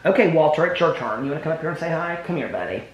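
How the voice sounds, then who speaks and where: A man's voice: a little high, expressive, rapid-fire, dull audio, a little hiss or hum. A man vlogging casually at home, cooing to his puppies and rambling through stories. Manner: doting baby talk to his dogs, rambling asides. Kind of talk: casual daily vlog. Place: home, indoors.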